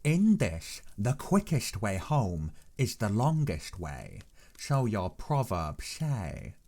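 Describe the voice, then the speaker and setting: A man voicing an old, learned professor who speaks in a measured, earnest, persuading way in an audiobook reading. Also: fairly low pitch, huge pitch swings, mellow, full character voice. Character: old learned male professor, grave and insistent.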